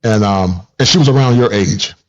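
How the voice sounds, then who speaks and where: A man, a therapist, in casual conversation, talking in an animated, emphatic way and often repeating himself. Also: fairly low pitch, moderate pace, muffled recording. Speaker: therapist and host.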